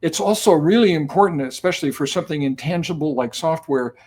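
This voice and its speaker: An older man in his seventies, a guest on an interview show, recounts stories in a loose, relaxed way, pausing on plenty of ums and uhs. His voice sits a bit higher than most men's. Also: breathy edge. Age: 70s. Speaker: guest, company cofounder. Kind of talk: conversational storytelling.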